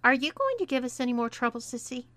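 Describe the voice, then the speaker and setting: A woman voicing a cruel young woman who mocks and orders others around, in a fairly high voice. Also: very animated, fast, a bit bright, dry recording. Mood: mocking. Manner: mocking, commanding.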